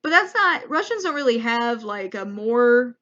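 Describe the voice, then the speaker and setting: A woman's voice: on the high side, very animated, measured pace, a bit bright, muffled recording. A young woman, a comedian, telling a rambling, self-deprecating travel story as a vlog monologue. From United States. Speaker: comedian vlogger.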